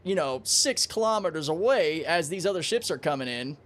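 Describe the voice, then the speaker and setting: A young man streaming a space game, chatting casually with his viewers, excitable and swearing freely. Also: fairly high pitch, brisk. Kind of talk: casual livestream commentary.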